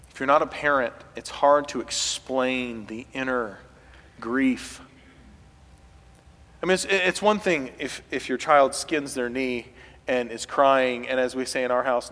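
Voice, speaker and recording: A man preaching a sermon as pastor, building to loud, impassioned passages as he voices pleading figures. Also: medium pitch, fairly even intonation, a little slow, in a large hall. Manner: preaching with rising intensity, voicing quoted pleas loudly.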